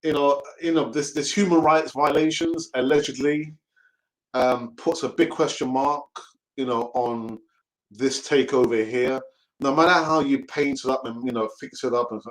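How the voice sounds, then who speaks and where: A young man hosts a casual live show for sports fans. He chats in a loose, jokey way, wanders off on tangents and keeps restarting his sentences. His voice sits at an ordinary middle pitch. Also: a little slow, rough recording. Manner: chatty, rambling, jokey, often restarting. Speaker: host of a fan channel.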